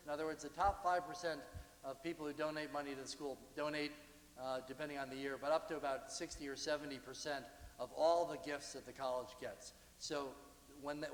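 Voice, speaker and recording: A man giving a university lecture about slides, talking in a conversational, halting way with frequent restarts. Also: a little high, steady tone, a little hiss or hum. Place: lecture hall. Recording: echoey hall, distant.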